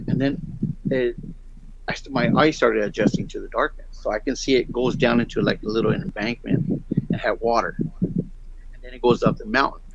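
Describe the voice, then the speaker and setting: A man's voice: medium pitch, moderate pace, creaky, breathy edge, no echo. A middle-aged man telling a long story in a casual, rambling way and acting out the other people's lines. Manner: rambling, animated, acts out the voices in his story. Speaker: guest storyteller. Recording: dull lo-fi sound.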